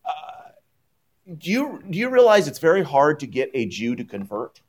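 A man preaching a sermon to his congregation, emphatic and rising in pitch when he quotes scripture and blessings. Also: wildly swooping pitch, normal speed. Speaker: pastor. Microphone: PowerPoint on screen, speaking at a church lectern.

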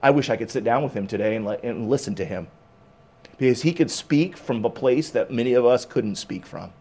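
A man preaching a sermon, swinging from emphatic raised bursts to low, hushed reflection. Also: brisk. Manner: emphatic, rising to raised bursts on key points. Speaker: pastor.

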